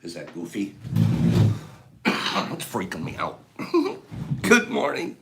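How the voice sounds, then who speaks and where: A man's voice: on the low side, slow. A man hosting a casual live stream with a scratchy voice, greeting viewers, joking and breaking into laughter. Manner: animated, bursts of laughter and loud exclamations.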